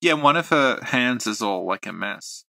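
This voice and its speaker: A man's voice: mid-range voice, expressive, normal speed, vocal fry, pushed and bright, no echo. A man co-hosting a casual podcast about game lore, talking in a hesitant way with lots of fillers and restarts. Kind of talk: casual chat.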